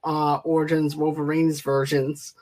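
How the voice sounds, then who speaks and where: A man in casual conversation, calmly explaining movie plot points. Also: on the high side, measured pace.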